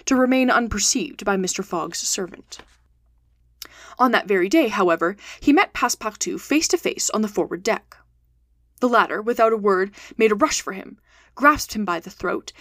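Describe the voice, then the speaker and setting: A woman narrates a classic novel aloud in a steady, clear audiobook manner. Her voice sits at a middle pitch, and the recording is close and dry with no room echo. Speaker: podcast host reading aloud.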